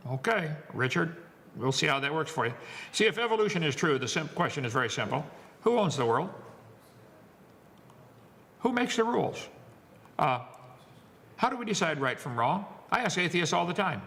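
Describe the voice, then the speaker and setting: Lively, joking man lecturing in a hall. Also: fairly high pitch, normal speed, long pauses. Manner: wisecracking, preachy, emphatic. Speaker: seminar speaker.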